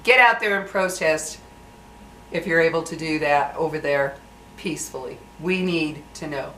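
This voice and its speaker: A woman's voice: low voice, moderate pace, fairly bright tone, a little hiss or hum. Sixties lady from the states ranting at her viewers, blunt and repetitive, kinda echoey room. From United States. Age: 60s. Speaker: vlogger. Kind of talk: angry venting to camera.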